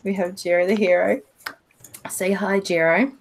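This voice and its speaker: A young woman hosting a casual live stream while semi-sick, her voice hoarse, laughing often as she talks. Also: mid-range voice, fairly even intonation, moderate pace, a little hiss or hum. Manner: giggly, laughs often between words. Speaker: streamer host.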